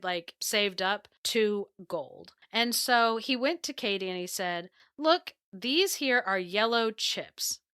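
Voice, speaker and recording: A woman co-hosting a podcast, retelling a folktale in an animated, laughing casual chat. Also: mid-range voice, clean tone, no echo, clean studio sound. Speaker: podcast co-host.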